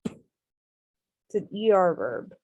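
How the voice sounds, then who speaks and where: A woman's voice: mid-range voice, sing-song, extremely slow, a little mellow, highs cut off, slight background noise. A woman teaching an online Spanish class, explaining each step patiently with many ums.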